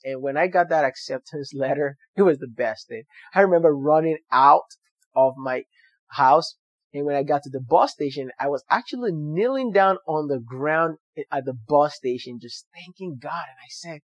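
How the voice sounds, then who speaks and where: A man's voice: fairly high pitch, moderate pace, dry recording. A young man earnestly telling a personal story to viewers, with motivational emphasis. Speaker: doctor sharing his story.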